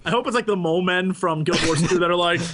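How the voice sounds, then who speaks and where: A man co-hosting a podcast in casual chat, excitable and jokey, slipping into silly impressions. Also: sits high, fast, slight background noise. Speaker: podcast co-host.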